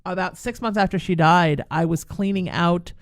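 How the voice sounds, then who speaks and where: A woman's voice: fairly low pitch, normal speed, dry recording, clean studio sound. A woman hosting a radio talk show, chatting in a casual, reassuring way. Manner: reassuring, friendly.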